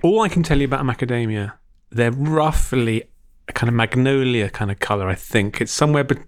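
A man's voice: mid-range voice, brisk. A man co-hosting a comedy podcast, rambling and joking, laughing often as he talks. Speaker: podcast co-host. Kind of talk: casual comedic chat.

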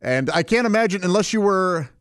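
Rambling podcast host, lively. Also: male voice, high-pitched, fairly quick, clear, resonant tone, no echo, studio quality. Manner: rambling, self-interrupting, chuckles often. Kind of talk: casual solo podcast talk.

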